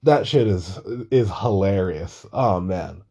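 Husky-voiced young man telling a story. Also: deep voice, unhurried, hardly any pauses, lo-fi sound. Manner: profane, animated, laughs through a story. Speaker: vlogger. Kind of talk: casual storytelling monologue.

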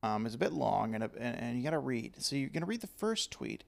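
A man's voice: mid-range voice, sing-song, quick pace, creaky. A man in casual conversation, setting up a bit and laughing often. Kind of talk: casual chat.

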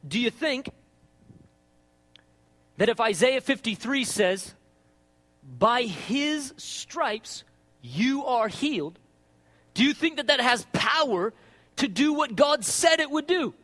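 A man delivers a sermon in a high, lively voice that swoops up and down. He keeps it conversational, tossing in "right?" to the listeners. His voice rings out with a long reverb, as in a big hall. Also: slow, long pauses. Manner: animated, conversational, asks "right?" often. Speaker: preacher.

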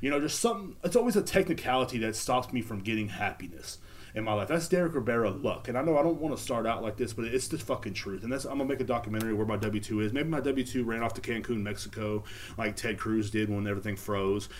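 A man's voice: on the low side, fast, slight background noise. A man hosting a solo podcast from home, ranting in a rambling, profane and exasperated way. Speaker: podcast host. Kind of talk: casual solo rant.

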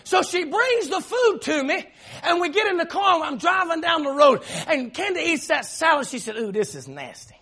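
A male pastor telling a story in an emphatic sermon, often shouting and laughing as he preaches. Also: extremely high pitch, animated, moderate pace.

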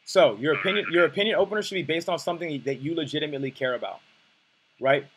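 A man's voice: fairly high pitch, fast talker, slight background noise, rough recording. A man coaching on dating, teaching in a blunt, profane, emphatic way. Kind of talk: coaching lesson.

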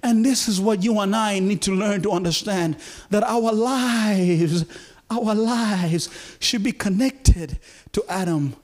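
A man preaching a sermon to a congregation, his voice dropping low and quiet, then rising high and loud, with stammered repeats. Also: slow.

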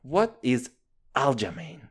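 A young man in his twenties riffs alone on his podcast, loose and profane, tossing "dude" into almost every phrase. His voice swings widely up and down in pitch as he rambles, animated and unguarded. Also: takes it slowly, slightly rough. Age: 20s. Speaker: podcast host. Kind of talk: casual podcast monologue.

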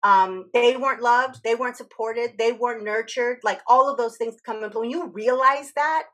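A woman's voice: on the high side, moderate pace, fairly bright tone. A woman telling a personal story in a candid conversational podcast, swearing freely and acting out quoted dialogue.

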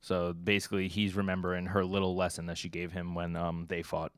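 A young man co-hosting a podcast, jumping in with quick corrections and comments. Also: low voice, monotone, clear, resonant tone, dry recording, clean studio sound. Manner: quick interjections, adds details, polite interruptions. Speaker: podcast co-host. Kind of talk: casual manga discussion.

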